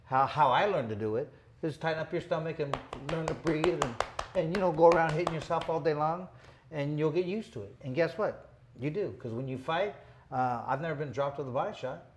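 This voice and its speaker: This fifty-something boxing show host rambles through stories in a casual, tough-guy manner full of "you know" asides. His pitch is fairly high and his delivery brisk, with a slight hiss or hum in the audio.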